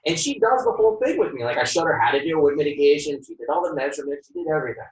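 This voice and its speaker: A man who works as a home inspector, a guest on a podcast, telling lively stories, acting out the dialogue and laughing often. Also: fairly high pitch, very fast, slight background noise. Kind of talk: podcast interview storytelling. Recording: roomy sound from a distant mic.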